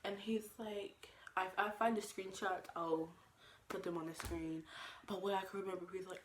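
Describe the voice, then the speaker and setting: A woman's voice: mid-range voice, steady tone, moderate pace. A young woman telling a story in a casual vlog, talking animatedly with lots of fillers and acted-out quotes. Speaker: vlogger.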